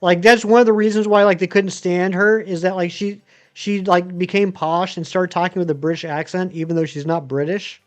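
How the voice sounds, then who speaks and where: Male streamer in his thirties, high voice, rambling chat with viewers, faint music underneath. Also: steady tone, a little fast. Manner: rambling, chatty, many ums and uhs. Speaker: game streamer. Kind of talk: casual live-stream chat answering viewers.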